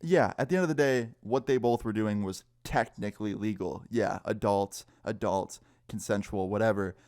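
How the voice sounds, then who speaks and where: A young man casually telling a story time, animated and swearing, acting out what people said. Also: on the low side, moderate pace, no echo, studio quality. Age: young adult. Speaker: storyteller vlogger.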